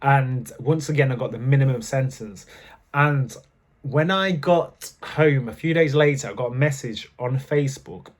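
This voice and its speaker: Here the vlogger speaks at a normal speed in a mid-range voice. It's casual storytelling to camera, with candid personal tales, a chatty manner and lots of fillers.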